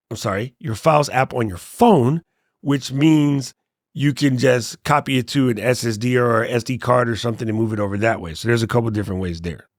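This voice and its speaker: A relaxed man walks through app settings in a casual, joking way, his voice sinking low at the ends of his sentences. The sound is dry and close, with no room echo. His pitch sits in a medium range. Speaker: tech tutorial host. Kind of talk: casual screen walkthrough tutorial.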